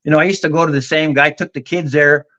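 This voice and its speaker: A man's voice: on the high side, steady tone, fast talker, pushed and bright, lo-fi sound. A middle-aged man, telling a long story in a folksy, drawling way on a casual talk show. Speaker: guest on a vinyl community live show.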